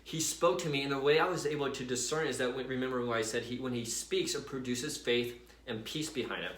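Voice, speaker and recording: A man casually telling a personal faith story to his viewers in a chatty, animated way, full of fillers. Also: medium pitch, fairly quick, roomy sound, slight background noise. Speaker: vlogger sharing a faith story.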